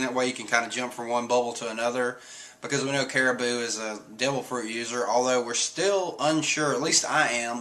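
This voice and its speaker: A man's voice: mid-range voice, pushed and bright. A man casually recapping a comic chapter in a chatty way, laughing now and then. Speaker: comic reviewer.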